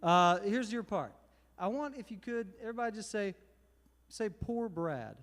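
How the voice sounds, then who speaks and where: Folksy man joking on stage. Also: high voice. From Texas. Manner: relaxed, joking, quick, folksy. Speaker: musician leading a service concert. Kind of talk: stage patter between songs. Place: synagogue sanctuary. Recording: long reverb in a large hall. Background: guitar.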